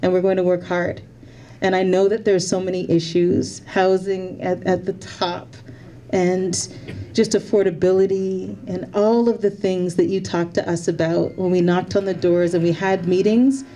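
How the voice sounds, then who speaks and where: A woman's voice: on the low side, flat delivery, moderate pace, warm tone, a little hiss or hum. A Canadian-born woman speaking as a member of parliament, giving a heartfelt, slightly emotional thank-you speech to volunteers at an event. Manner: heartfelt, repeats her thanks, a little emotional.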